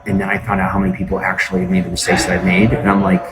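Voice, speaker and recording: A man's voice: deep voice, completely flat delivery, rapid-fire, noisy background. A man hosting a casual livestream from his phone, rambling to his viewers with lots of fillers and asides. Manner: rambling, filler-heavy, repeats "just saying". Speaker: livestream host.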